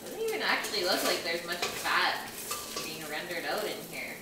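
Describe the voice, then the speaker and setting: Her voice is on the low side and sing-song, at normal speed, as this Canadian woman cooks on a live stream at home and responds to her viewers' chat. Heavy noise fills the echoey kitchen, with pots, pans and dishes clattering loudly.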